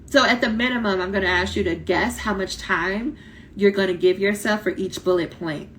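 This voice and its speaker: A woman coaching doctoral students in a casual live talk, blunt and lively, acting out quoted voices, her voice starting to tire. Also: mid-range voice, moderate pace, a little hiss or hum. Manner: animated, blunt, talks directly to viewers, acts out quoted voices. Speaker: dissertation coach.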